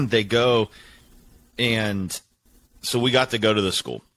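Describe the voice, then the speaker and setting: A man's voice: on the low side, takes it slowly, fairly bright tone. A man in his thirties hosting a casual chat, telling a long, emotional, rambling story.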